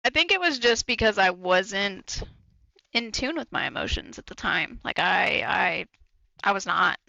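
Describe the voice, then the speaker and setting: A man's voice: sits high, lively intonation, unhurried, vocal fry, sharp tone, no room sound, muffled recording. A man co-hosting a podcast, talking candidly and bluntly, swearing freely and repeating himself for emphasis. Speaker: podcast co-host. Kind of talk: candid casual chat.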